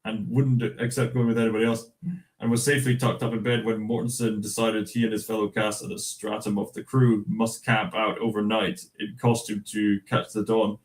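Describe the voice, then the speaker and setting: A Scottish man hosting a livestream reads the news aloud in a casual, chatty way, chuckling often and stumbling over fillers and restarts. His voice is lowish with a flat delivery and a fairly quick pace, and the recording quality is low.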